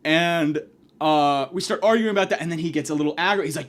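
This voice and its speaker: A man's voice: a little high, fast talker. A man telling a rambling, profane comic story about his night out, often restarting sentences and acting out the people in it. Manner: rambling, profane, self-mocking, acts out shouted quotes. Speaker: podcast host. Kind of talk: casual comedic storytelling monologue.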